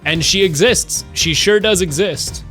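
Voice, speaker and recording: A man's voice: high voice, a little slow, sharp tone, faint music behind. A young man streaming games, rambling and joking casually as he talks to his chat. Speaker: game streamer.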